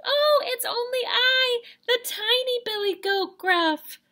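A tiny, meek young billy goat from a storybook peeps out its words in a very high, squeaky little voice, put on by a woman reading aloud. The tone is bright and thin, far above an ordinary speaking voice. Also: slow, full character voice.

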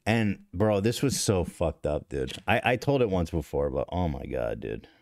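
Speaking at a normal pace in a deep, gravelly, very animated voice, a podcast host in his thirties tells his stream chat a story. He rambles, swears, puts himself down, and keeps restarting, and there's no echo on the recording.

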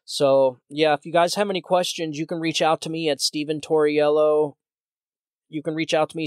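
A man hosts his own solo podcast, talking in a worked-up, ranting way and often restarting his sentences. His voice sits somewhat high for a man. The sound is dry and close, with no room echo. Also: smooth. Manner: heated, ranting, repetitive restarts. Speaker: podcast host. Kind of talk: solo political commentary podcast.

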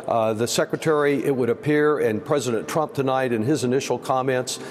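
A man's voice: medium pitch, a little fast. A man from Texas, a congressman, answering a news interview in a pointed, emphatic way with many fillers. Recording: long reverb, faint background noise.

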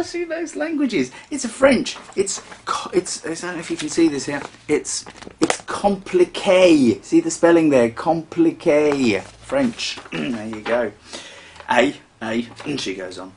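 A man giving a mock-serious poetry reading in a dry, sarcastic, mock-scholarly way. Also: a little high. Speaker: comic poetry reader.

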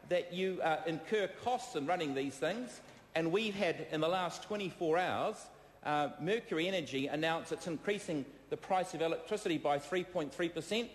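A man with a New Zealand accent giving a parliamentary debate speech, combative and halting, with many fillers, repeated phrases and replies to hecklers. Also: on the high side. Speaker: member of parliament. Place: debating chamber. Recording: echoey chamber with long reverb.

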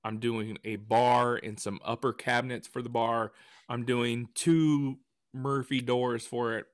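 A man co-hosting a podcast in casual chat, telling stories with lively retellings. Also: medium pitch, unhurried, no echo, studio quality. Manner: animated storyteller who acts out quotes. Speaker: podcast co-host and woodworker.

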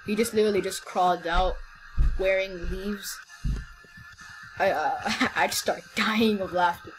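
A woman's voice: mid-range voice, steady tone, unhurried, long pauses, soft background music, rough recording. A young woman giving casual, teasing commentary while playing a game, often stumbling over her words. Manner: playful, teasing, stammering restarts. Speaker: gameplay commentator.

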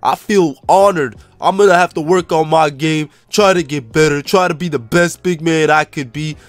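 A man doing a deep-voiced swaggering big man. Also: normal speed, dry recording, natural voice. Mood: earnest. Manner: laid-back swagger, slangy. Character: deep-voiced young male pro basketball big man.

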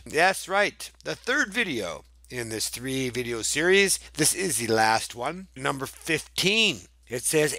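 A man's voice: a little high, vocal fry, pushed and bright, dry recording. A man teaching a math lesson for children in a playful, chatty way, with sing-song exclamations and little jokes.

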